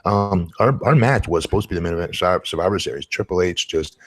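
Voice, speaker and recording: A man's voice: deep voice, fast, slightly rough. A man who is a former wrestler, chatting bluntly and with strong opinions as a podcast co-host. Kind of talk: casual podcast chat.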